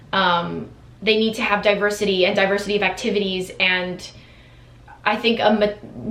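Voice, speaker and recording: A woman's voice: mid-range voice, a bit bright. An American woman vlogger talking casually and enthusiastically to camera, with lots of fillers and restarts. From United States. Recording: echoey room.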